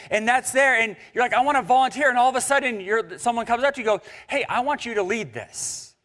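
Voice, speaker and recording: A young man preaching a sermon in a church, conversational and joking with the congregation. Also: high voice. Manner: animated and conversational, with jokes and asides to the congregation. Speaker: pastor. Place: church sanctuary.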